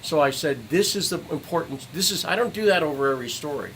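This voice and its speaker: A man's voice: a little high, expressive, fast, a bit bright, slight background noise, poor audio. A middle-aged man livestreaming an angry, profane rant, repeating phrases for emphasis. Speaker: citizen journalist streamer.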